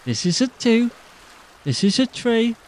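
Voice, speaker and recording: A woman's voice: fairly high pitch, big pitch swings, measured pace, a little mellow, slight background noise, voice pushed up. A man voicing a young half-elf woman teacher who talks in a folksy, rustic way. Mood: cheery. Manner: folksy, cheery with a rustic twang.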